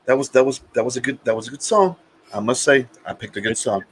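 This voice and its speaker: A man's voice: medium pitch, animated, quick pace, breathy edge. A man co-hosting a live music chat stream, talking casually and crudely, stumbling and repeating words. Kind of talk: casual banter.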